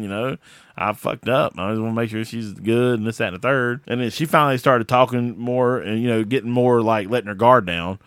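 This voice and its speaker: A man's voice: medium pitch, a little fast, a bit bright, no echo, clean studio sound. A man, co-hosting a podcast and retelling a personal story in a rambling, emotional way with many fillers. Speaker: podcast co-host. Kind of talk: casual storytelling chat.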